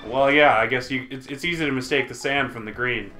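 A man's voice: medium pitch, a little fast, sharp tone, soft background music. A man with the hiccups, teasing and swearing at friends while playing a golf game. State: has the hiccups. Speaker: let's play co-commentator. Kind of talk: casual gaming banter.

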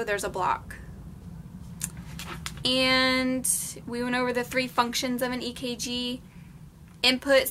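A woman's voice: fairly high pitch, pushed and bright, a little hiss or hum. A young woman vlogging as a nursing student, recapping her class in a casual, chatty way with frequent ums. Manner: chatty, many ums, explains plainly. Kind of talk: casual study recap vlog.

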